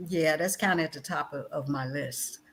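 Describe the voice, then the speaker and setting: A middle-aged woman, a guest educator and former chaplain, telling stories in a passionate conversational way. She speaks insistently and repeats phrases, swinging between loud outbursts and low, quiet passages. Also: moderate pace. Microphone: video call.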